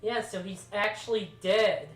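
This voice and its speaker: A woman's voice: medium pitch, measured pace, faint music behind. Woman in an echoey room, matter-of-fact. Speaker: let's play participant. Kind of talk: casual chat. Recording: roomy echoey mic.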